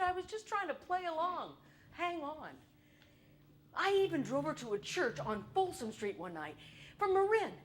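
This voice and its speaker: On a theater stage, a middle-aged woman performs an autobiographical solo show, telling her story with wry, irreverent humor and crude asides and acting out her own past voice in quick bursts. Her voice is a little high, with slight background noise.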